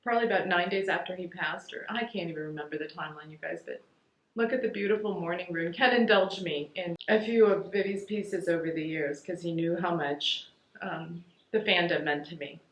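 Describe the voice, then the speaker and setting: Tearful woman with a low voice, roomy sound. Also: a little fast. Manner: rambling heartfelt thank-yous, says "you guys" often. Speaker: vlogger. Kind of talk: casual chat to viewers. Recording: echoey room.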